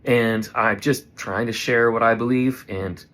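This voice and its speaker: A man's voice: mid-range voice, steady tone, unhurried, fairly bright tone. Earnest guy doing a motivational talk to his camera, reflective, coaching himself. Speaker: vlogger. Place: indoors in front of a camera.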